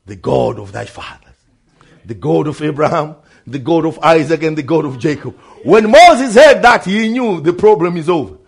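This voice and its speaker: A male preacher delivering a sermon, repeating phrases for emphasis and calling out to brother and sister, shifting from low asides to loud shouts. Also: animated, normal speed, creaky, breathy edge.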